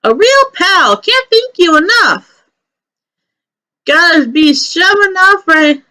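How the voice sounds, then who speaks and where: A woman's voice: extremely high pitch, big pitch swings, takes it slowly, bright, forceful tone, pitched above the performer's own voice, heavily acted. A woman doing a chatty, folksy little rabbit-critter guy. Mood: chummy. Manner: chummy, overly talkative, folksy slang. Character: chatty fast-talking male rabbit critter.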